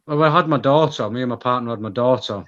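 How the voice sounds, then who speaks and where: A man with a Manchester accent, a podcast guest chatting casually about himself in a relaxed, rambling way. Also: medium pitch, fast talker, highs cut off. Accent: Mancunian. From England. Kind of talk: casual conversation.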